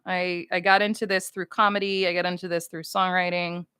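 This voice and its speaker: A woman's voice: fairly low pitch, little pitch movement, a little fast, pushed and bright, smooth, dry recording, studio quality. A woman from the United States, chatting casually on a livestream with fans, goofy and rambling as she reads chat comments aloud.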